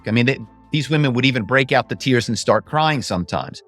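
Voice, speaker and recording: A man telling stories as a podcast guest, lively and acting out phone calls in voices. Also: medium pitch, quick pace, hardly any pauses, soft background music. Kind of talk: casual interview storytelling.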